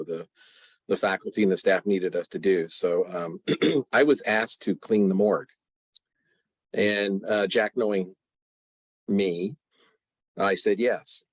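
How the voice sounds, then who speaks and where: A man, a college professor, telling a personal story at a memorial over a video call, halting with many fillers and frequent throat clearing. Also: fairly low pitch, no echo, low-quality recording.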